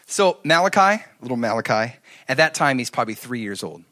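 Animated male preacher, lively pitch. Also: fairly quick. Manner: animated storytelling, swinging from loud to hushed. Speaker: pastor. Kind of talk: sermon.

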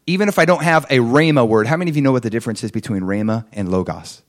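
Animated and quick, with few pauses, a male pastor tells stories in a conversational sermon and puts questions to the congregation. When quoting people, he acts them out with big shifts in pitch and volume.

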